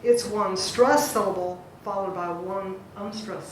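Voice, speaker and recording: A woman's voice: mid-range voice, measured pace, few pauses, fairly bright tone, a little hiss or hum. A woman teaching a poetry class, chatty and drawing out words to show the stress. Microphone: distant recorder. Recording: echoey room from far off.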